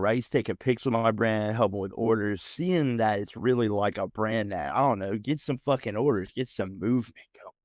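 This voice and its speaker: A man's voice: medium pitch, no echo, clean studio sound. A man in his thirties with an American accent, hosting a podcast and telling a personal story in a casual, profane, slang-heavy ramble with mocking outbursts. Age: 30s. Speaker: podcast host.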